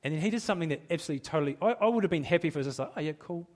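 Rapid-fire and expressive, a middle-aged pastor's slightly high voice carries his sermon in a church. He's candid and self-deprecating, laughing at himself and frequently restarting his sentences.

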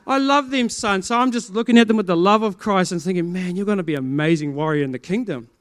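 A middle-aged male pastor with a New Zealand accent tells his congregation a story. He acts out both sides of each conversation and now and then breaks into loud exclamations. His voice sits high and rings smooth and clear. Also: fast. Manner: animated storytelling, acting out dialogue, bursts of loud exclamation. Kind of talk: preaching testimony to a congregation.

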